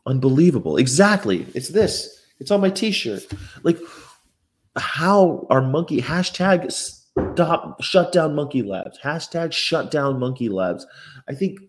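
A man's voice: on the low side, slightly rough. A man from the North of England, a vegan activist vlogger, reading news aloud and reacting with profane exasperation in a rented apartment room. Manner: profane, exasperated, swings between loud outbursts and muttering. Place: indoor rental apartment room with a window view.

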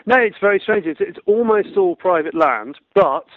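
A man's voice: sits high, expressive, moderate pace, dry recording. A British man telling field sports anecdotes in a chatty interview, laughing often and repeating words as he goes. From Britain. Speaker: guest, field sports broadcaster. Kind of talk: conversational storytelling. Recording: tinny phone-like line, dry.

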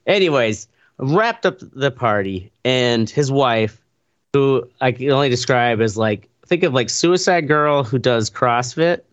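A man telling a story on a podcast in a casual chat, animated, laughing and swearing as he goes. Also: medium pitch, measured pace, no echo, lo-fi sound. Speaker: podcast co-host.

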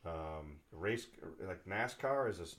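Rambling New England man, lowish voice. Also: lively intonation, a little slow, fairly bright tone. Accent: New England, Boston area. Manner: rambling, chatty, many fillers and restarts. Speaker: podcast host. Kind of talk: casual chat.

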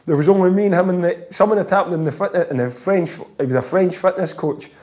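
Chatty Scottish former footballer, quick laughs. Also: male voice, sits high. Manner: animated, laughs often while telling stories. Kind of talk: casual storytelling chat.

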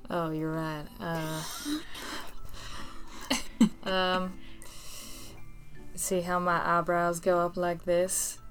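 A woman playing a tabletop game, speaking in a slow, drawn-out, giggly way. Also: lowish voice, completely flat delivery, over music. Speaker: player. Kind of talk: tabletop role-play.

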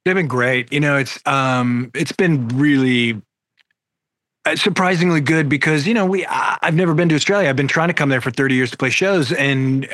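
A man's voice: medium pitch, normal speed, a bit bright, no echo. A man in his fifties, a rock singer guest, telling stories in a laid-back, candid way over a video call.

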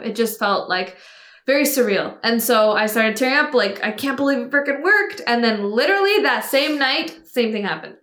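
A woman chatting casually on a podcast, telling her story in an animated way and acting out what others said. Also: a little high, moderate pace, echoey room.

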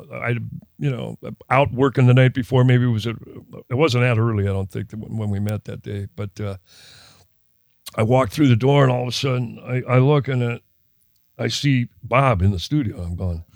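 A man's voice: medium pitch, no room sound, clean studio sound. An older man from Minnesota, a guest musician, telling a story in casual interview chat, with rambling, self-interrupting sentences and laughs.

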